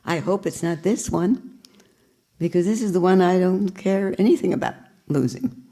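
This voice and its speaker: An older woman leads a spiritual talk to a group in a low, mellow voice. She is reflective and questioning, with touches of gentle humor. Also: normal speed. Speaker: spiritual teacher.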